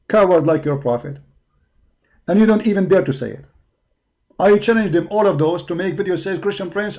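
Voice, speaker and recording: Hoarse, taunting male streamer. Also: high-pitched, a little mellow. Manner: taunting, mocking, confrontational. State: hoarse from hours of talking. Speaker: live-stream host. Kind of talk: combative live-stream rant.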